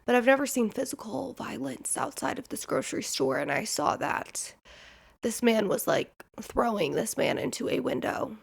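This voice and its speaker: A woman's voice: a little high, big pitch swings, moderate pace, gravelly, husky. A woman from Nebraska with a Midwestern accent, hosting a podcast and telling candid, rambling stories in casual chat. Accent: Midwestern American. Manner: rambling, candid storytelling with frequent "like". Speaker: podcast host.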